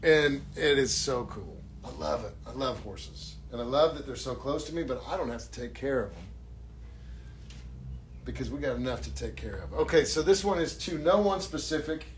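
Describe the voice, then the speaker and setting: A man, an actor signing autographs on a live stream, chatting casually in a jokey, self-mocking way and thanking fans warmly. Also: mid-range voice, animated, normal speed, slight background noise.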